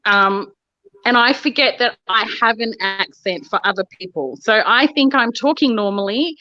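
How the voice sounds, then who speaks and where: A woman's voice: on the high side, normal speed, bright, forceful tone. An Australian woman co-hosting a craft livestream, chatty and good-humoured, talking through each step of her demonstration. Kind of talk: casual livestream chat and demonstration. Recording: dull, lo-fi call audio, dry.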